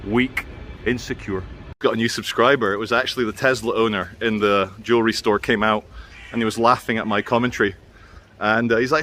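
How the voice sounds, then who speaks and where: A middle-aged man walks through the city vlogging, tossing sarcastic running commentary at his handheld camera. His mid-range voice is brisk, bright and forceful, over slight background noise.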